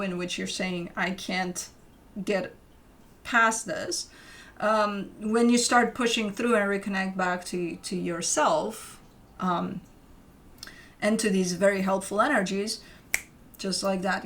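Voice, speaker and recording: Woman, young adult, tarot reader, rambling casual talk, fillers and restarts, mid pitch. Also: fairly bright tone. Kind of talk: casual spoken tarot reading.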